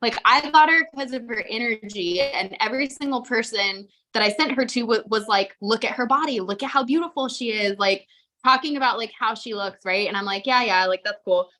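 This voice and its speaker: Chatty, bright-voiced young woman. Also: on the high side, a little fast. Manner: chatty, swears freely, full of likes. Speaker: podcast co-host. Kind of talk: casual chat.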